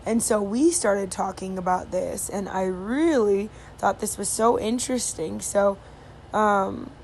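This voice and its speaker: A woman's voice: medium pitch, fairly even intonation, a little slow, a little mellow. A woman in the middle of her own range tells a story on her podcast, rambling along with plenty of fillers and restarts. The talk is loose and conversational. A faint background noise sits under her voice. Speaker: podcast host. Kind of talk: casual storytelling monologue.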